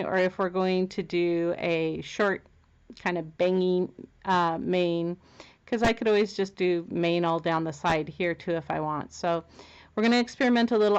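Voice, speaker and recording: A woman's voice: mid-range voice, clear, resonant tone, muffled recording. A woman chatting casually and giggling as she walks through a craft project in a home video. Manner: chatty, giggly, self-amused. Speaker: crafting vlogger. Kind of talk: casual knitting tutorial chat.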